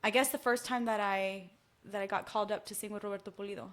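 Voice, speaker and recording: Texan woman, musician guest, casual chat, lively storyteller who acts out the dialogue. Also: mid-range voice, fast talker.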